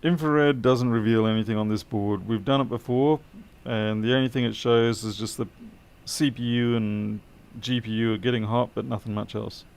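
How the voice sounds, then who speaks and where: A man's voice: medium pitch, steady tone, moderate pace, vocal fry, hardly any pauses, a little mellow, clean tone. A tired man streaming a late-night electronics repair, muttering as he works and answering live chat with dry, self-deprecating remarks.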